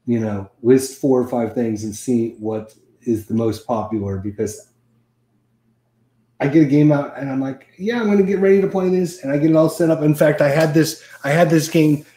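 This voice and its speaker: A man hosting a casual chat, rambling and animated as he tells stories. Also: medium pitch, normal speed, roomy sound. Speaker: host.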